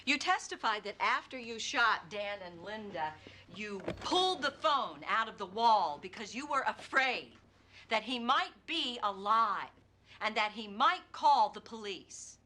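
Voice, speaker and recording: Casting: a pointed, probing prosecutor, bright voice, slightly high. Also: female voice, lively intonation, measured pace, slight background noise. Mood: pressing. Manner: probing, pointed cross-examination. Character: sharp, relentless female prosecutor. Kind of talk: TV movie courtroom drama.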